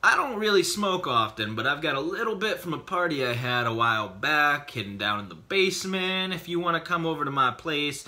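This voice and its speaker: A laid-back adult man with an offhand, casual drawl, sounding bright and a little sharp at the edges, voiced by a man retelling a story. His pitch swings freely as he talks. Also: animated, brisk, few pauses. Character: easygoing adult man offering weed.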